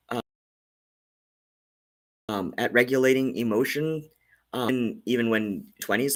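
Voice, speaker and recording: A man hosting and giving casual commentary, hesitant with many fillers and restarts. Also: medium pitch. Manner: hesitant, many ums and likes. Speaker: host.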